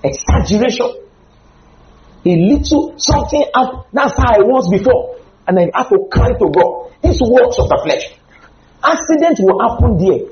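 A man preaching a humorous, animated sermon with sudden loud outbursts. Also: very high-pitched, moderate pace, roomy sound, muffled recording.

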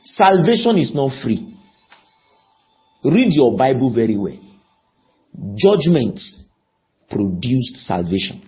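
A man delivers a sermon at a slow, deliberate pace, his fairly high voice rising and falling widely. He pleads with his listeners and keeps asking them questions. The recording sounds dull and lo-fi. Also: big pitch swings, soft background music. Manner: emphatic, slow, pleading, asks the audience questions. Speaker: preacher.

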